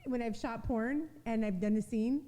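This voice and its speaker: A woman hosting a casual chat show, eager and chatty, quick to chime in. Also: fairly high pitch, warm tone, big-room sound. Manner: eager, chatty, quick back-channel chiming. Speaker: podcast host.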